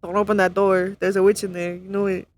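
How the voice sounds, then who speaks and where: A woman's voice: mid-range voice, little pitch movement, quick pace, a little mellow. A young woman streaming casual commentary as she watches a role-play, laughing often and mocking herself.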